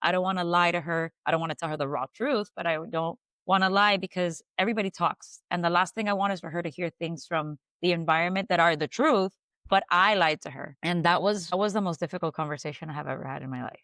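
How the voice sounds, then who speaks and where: A woman in her thirties, a podcast guest, recounting a personal loss in a halting way, restarts and soft fillers. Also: on the low side, no echo. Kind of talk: emotional personal storytelling.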